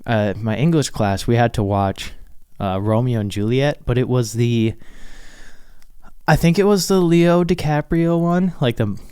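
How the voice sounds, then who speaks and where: A man's voice: medium pitch, a little slow, a little mellow, clean tone, no room sound. A young man from Minnesota hosting a casual solo podcast, rambling loosely, swearing freely and laughing often. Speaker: podcast host.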